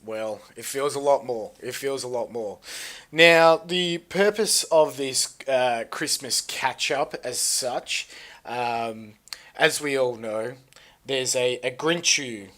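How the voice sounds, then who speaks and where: A man's voice: mid-range voice, slow, fairly bright tone. A man with an Australian accent hosting a casual live stream, joking crudely and playing the showman. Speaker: stream host.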